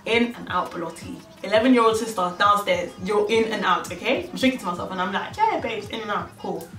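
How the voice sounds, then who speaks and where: A woman's voice: mid-range voice, fast, fairly bright tone. A young woman telling a story in a casual, slangy way, acting out both sides of it. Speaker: vlogger. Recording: echoey room, mic at a distance, faint music.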